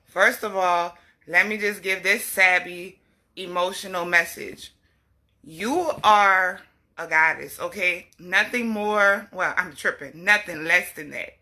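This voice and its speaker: A woman's voice: lowish voice, slow pace, sharp tone. A young woman talking on a casual livestream, preaching self-worth to women with emphatic, fired-up delivery and scolding asides to her little girl. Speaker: health advocate vlogger.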